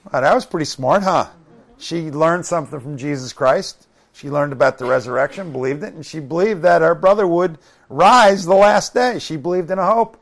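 Male preacher, gravelly, reads scripture then adds folksy asides. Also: fairly high pitch, normal speed. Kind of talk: Bible study sermon.

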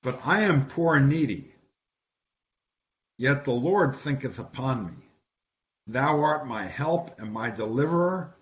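A man's voice: mid-range voice, expressive, measured pace, pauses often. A man leading an informal Bible study, teaching conversationally and asking the group questions. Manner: conversational, repeats words, asks the group questions. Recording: dull lo-fi recording with faint hiss.

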